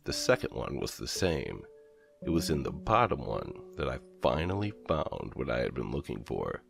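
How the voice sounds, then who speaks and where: A man narrating a first-person horror story in a measured storytelling manner. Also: very deep voice, sing-song, vocal fry. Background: soft background music.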